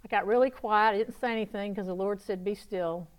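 A woman pastor giving a spoken testimony to an audience, telling her story with lively energy and dropping into soft, hushed tones. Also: medium pitch, fast.

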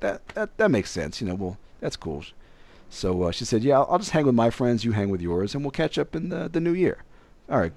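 Young male storyteller, lively pitch, dry close sound, casual delivery. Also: dry recording. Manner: animated, acts out other people's voices.

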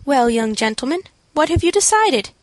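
A woman reading as a brisk landlady. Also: high voice, big pitch swings, no echo, pitched above the performer's own voice, low-quality recording. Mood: businesslike. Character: tall thin landlady, brisk and businesslike.

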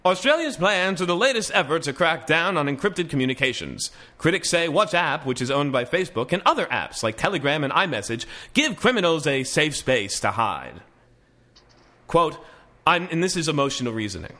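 A man's voice: fairly high pitch, very animated, normal speed, bright, forceful tone. A man hosting a casual news podcast, reading articles aloud with wry asides and frequent restarts. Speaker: podcast host.

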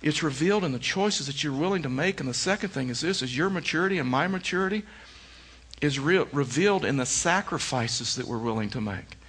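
A man's voice: on the high side, expressive, a little fast, fairly bright tone. A middle-aged male pastor preaching a sermon, telling stories with emphatic repeated phrases. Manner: storytelling with emphatic repetition.

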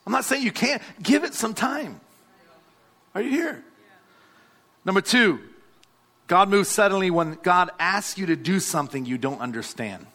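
High-voiced pastor preaching with fervor. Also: male voice, lively intonation, moderate pace, bright, forceful tone. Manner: exhorting, calls out to the congregation. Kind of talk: sermon.

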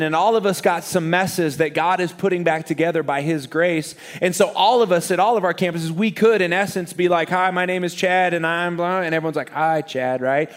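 A man, a pastor preaching to a live church congregation, joking and lively with the crowd and turning quiet and earnest when he prays. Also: a little high. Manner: energetic, joking crowd warm-up, then quiet earnest prayer. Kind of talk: sermon.

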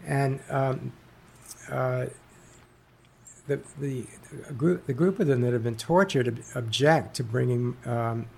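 A man being interviewed as an author guest, speaking haltingly with many fillers and restarts. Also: medium pitch, vocal fry, a little mellow, a little hiss or hum. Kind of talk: interview conversation.

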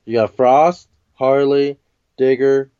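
A man's voice: mid-range voice, steady tone, slow pace, dark tone, clear, resonant tone, no room sound. A laid-back man chatting about a comic book, cursing easily and pushing back on his friend. The recording is dull and a little lo-fi, dry with no room around him. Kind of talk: casual chat.

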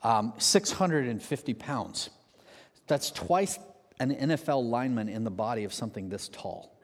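A man preaching a sermon, telling a story with lively energy and acting out the quotes. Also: medium pitch, normal speed. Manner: animated storyteller, acts out shouted quotes. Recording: long hall reverb.

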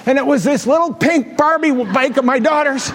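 A middle-aged man and pastor telling a story in a sermon, animated and self-mocking, often laughing at himself. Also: very high voice, a little fast. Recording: long reverb of a large hall.

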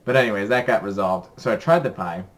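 A man's voice: lowish voice, fast talker. Chatty young man rambling upbeat. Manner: rambling, upbeat, lots of ums. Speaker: podcast co-host. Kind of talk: casual chat.

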